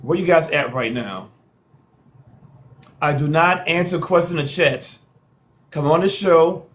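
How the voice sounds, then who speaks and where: A man's voice: on the high side, unhurried. A man hosting a live social stream, hyping viewers with repeated calls to follow and share and playful trash talk.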